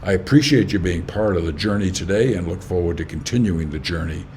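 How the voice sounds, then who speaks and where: Male host, very low voice, measured spiritual commentary, faint hiss behind. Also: darkish tone. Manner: unhurried, emphatic, frequent "okay?" checks with listener. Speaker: host of a spiritual teaching channel. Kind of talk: reflective spoken commentary on quoted teachings.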